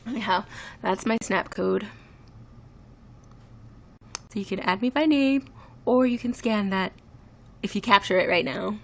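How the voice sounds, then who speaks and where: A woman's voice: medium pitch, measured pace, creaky, long pauses. A woman in her twenties chatting casually on a live stream, rambling and reacting to viewer comments. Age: 20s. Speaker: livestreamer.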